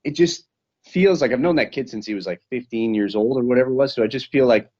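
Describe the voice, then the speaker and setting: Over a video call, a professional fighter recaps a bout in a casual interview, rambling and swearing as he tells it. His mid-range voice is quick and a little mellow, and the recording has a dull, lo-fi sound.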